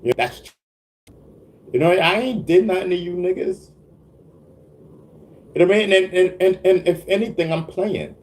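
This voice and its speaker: Sitting high in pitch with a steady, darkish tone, he speaks at normal speed but pauses often while hosting a casual livestream. He replies to chat with stammered restarts, laughs frequently and keeps asking "you know what I mean."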